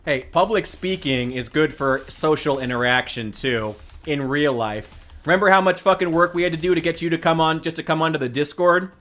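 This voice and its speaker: A man's voice: fairly high pitch, a little fast, a bit bright. A man chatting casually while streaming a game, ranting with profanity and sarcasm. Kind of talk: casual gaming stream chat.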